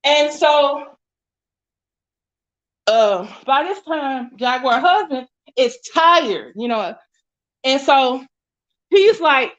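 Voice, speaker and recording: A woman's voice: sits high, expressive, drawn-out words, pauses often, fairly bright tone, dull audio. A woman giving casual, blunt commentary, chatty and often restarting her sentences. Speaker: commentary YouTuber.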